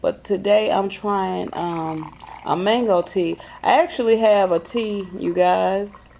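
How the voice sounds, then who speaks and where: A woman's voice: medium pitch, vocal fry, darkish tone, slight background noise. A woman, hosting a casual, folksy chat to camera. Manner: chatty, folksy, drawn-out emphasis. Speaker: vlog host.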